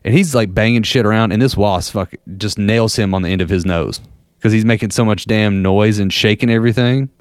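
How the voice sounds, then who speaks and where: A man's voice: fairly low pitch, brisk, clear, resonant tone, no room sound, studio quality. A man in his thirties or forties casually telling rambling, profane stories and laughing at them as he goes. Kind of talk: casual storytelling chat.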